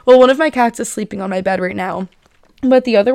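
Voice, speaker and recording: A bubbly woman in her twenties hosts her own podcast, chatting casually with plenty of fillers and small giggles. Her voice is medium-pitched, a little fast and a little mellow, with some vocal fry, and she sounds slightly out of breath. The recording is dry and close-miked, with no echo.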